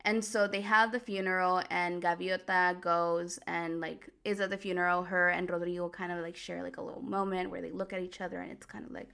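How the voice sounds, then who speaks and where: A woman hosting a show, recapping a story in a casual, animated way, full of "like" and quick laughs. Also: mid-range voice, creaky. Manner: chatty, animated, lots of "like", laughs easily. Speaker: host.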